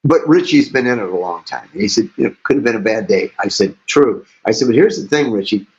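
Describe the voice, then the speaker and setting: An older man, a musician guest, telling animated stories in an interview with frequent laughter. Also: on the low side, brisk. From St. Louis, USA. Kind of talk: storytelling interview. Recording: dull lo-fi audio.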